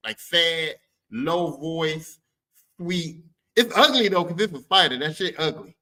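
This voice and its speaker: A man hosting a podcast, telling movie stories in an animated, profane, slangy way. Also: a little high, a little slow, low-quality recording. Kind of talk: casual chat about movies.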